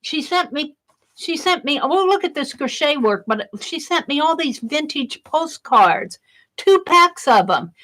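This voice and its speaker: A woman's voice: sits high, expressive, measured pace, fairly bright tone. A woman hosting a casual crafting live stream, exclaiming over mail and greeting viewers in chat.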